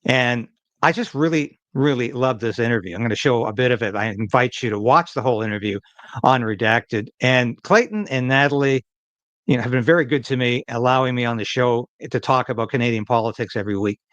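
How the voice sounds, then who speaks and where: A male host delivers political commentary in an emphatic, chatty way. His voice is mid-pitched and close, with a dry, dead sound. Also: a little fast, a bit bright, dry recording. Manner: emphatic, conversational.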